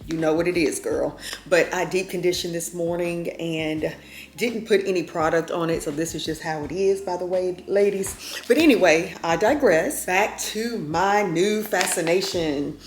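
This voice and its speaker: A woman's voice: fairly low pitch, normal speed. A woman in her fifties chatting to camera at home in a folksy way, often calling her viewers y'all. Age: 50s. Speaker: vlogger. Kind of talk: casual chat to camera. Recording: roomy echo.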